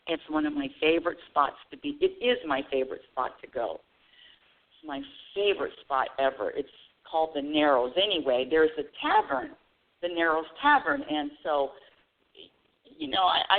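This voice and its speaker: A woman radio show host telling a casual, animated story about her week, with bursts of high excited squeals. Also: normal speed. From United States. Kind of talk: casual spiritual talk monologue. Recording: tinny phone-line audio.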